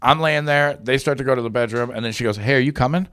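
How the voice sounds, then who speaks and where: Man, mid pitch, dry close sound, casual crude storytelling, podcast co-host. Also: fast talker, clear, resonant tone, no echo. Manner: crude, animated anecdote with acted quotes.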